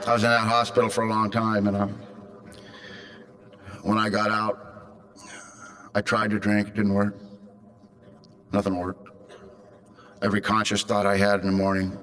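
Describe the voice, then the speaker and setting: A man's voice: on the low side, completely flat delivery, moderate pace, long pauses, a bit bright. A man in his fifties from California, speaking to a convention crowd and telling a raw, darkly funny personal story. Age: 50s. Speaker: recovery meeting speaker.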